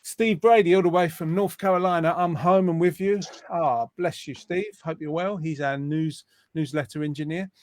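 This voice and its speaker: A man's voice: a little high, steady tone, normal speed, few pauses, a little mellow. A man hosting a live online show, chatting with guests and reading out viewer greetings in an upbeat way. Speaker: host.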